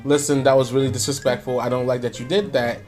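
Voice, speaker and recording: A man's voice: mid-range voice, flat delivery, fast, darkish tone, pitched below the performer's own voice, natural voice. A man voicing a stern male army first sergeant, talking in a clipped, scolding way over background music.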